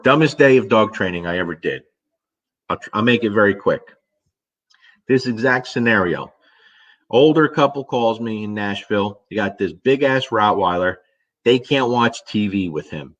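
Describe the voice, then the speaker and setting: A middle-aged man, a dog trainer, casually telling a story and answering viewer questions, animated and swearing now and then. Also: lowish voice, lo-fi sound. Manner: animated storyteller, swears casually, acts out his own reactions.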